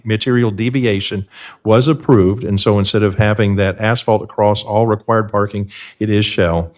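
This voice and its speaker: A man from county planning staff giving a fast, businesslike report at a public board meeting, speaking at an auctioneer-like pace. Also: lowish voice, steady tone. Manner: rapid-fire briefing, self-described auctioneer pace.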